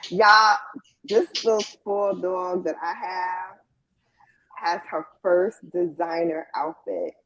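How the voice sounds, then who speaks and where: A woman's voice: on the low side, fairly even intonation, takes it slowly, a bit bright, highs cut off, slight background noise. A woman chatting as a guest on a live stream, talking in a playful, emphatic way and repeating phrases for effect. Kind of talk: casual live stream chat.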